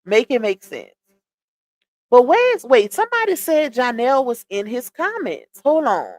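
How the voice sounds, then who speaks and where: A woman's voice: a little high, very animated, measured pace, darkish tone. A woman hosting a casual livestream, chatting with viewers, reading comments aloud and laughing often. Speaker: livestream host.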